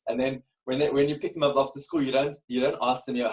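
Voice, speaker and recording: A man in his forties telling a candid personal story as a podcast guest, earnest and animated, often repeating words as he starts a phrase. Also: medium pitch, quick pace, poor audio. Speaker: guest, keynote speaker.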